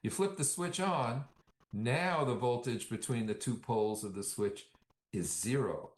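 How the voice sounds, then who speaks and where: A man explaining a science topic in an interview, measured and patient, using everyday analogies like a light switch. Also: mid-range voice, echoey room. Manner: measured, uses everyday analogies, slows on key points.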